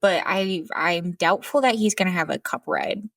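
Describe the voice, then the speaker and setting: Low-voiced woman musing on a podcast. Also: normal speed, gravelly, no echo, studio quality. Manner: hedging, musing, deadpan quips. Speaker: podcast co-host. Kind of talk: casual chat.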